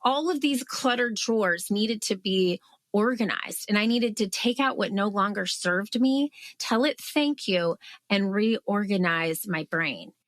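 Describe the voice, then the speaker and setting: Animated woman guest, dry close sound. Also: medium pitch, unhurried, no echo. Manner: animated storyteller, acts out her own past outbursts. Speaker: guest, author. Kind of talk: podcast interview.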